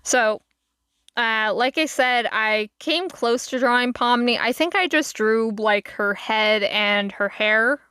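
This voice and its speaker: Woman streamer rambling slowly to chat, bright clear voice, dry sound, lots of likes and ums. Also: fairly high pitch, no echo. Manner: rambling, lots of fillers and laughing asides. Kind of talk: casual live-stream chat.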